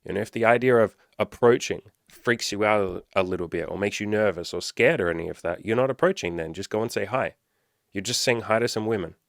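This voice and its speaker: A man's voice: lowish voice, fairly quick, gravelly, no room sound, clean studio sound. A man, a dating coach, talking casually to his viewers in an earnest, encouraging way, repeating his points and swearing now and then.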